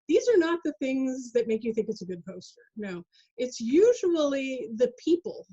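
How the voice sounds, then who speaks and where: Woman workshop presenter on a video call: chatty and jokey, fairly high, mellow tone, dull lo-fi audio. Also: moderate pace, slightly rough. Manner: chatty, jokey, animated asides. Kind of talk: online workshop lecture.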